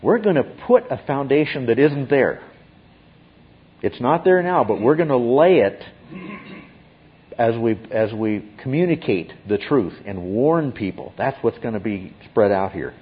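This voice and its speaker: A man's voice: mid-range voice, lively intonation, a little slow, slightly rough, lo-fi sound. A man giving an expository Bible teaching, emphatic and often checking in with his listeners.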